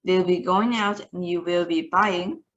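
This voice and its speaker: This is a tiny, ferocious witch leader who rules by shouting and shrieking, voiced by a woman reading aloud. She is commanding and scornful, bossing her listeners about in a storybook voice. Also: lowish voice, fairly even intonation, a little slow, muffled recording, slight background noise, lightly acted. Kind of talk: read-aloud storybook acting.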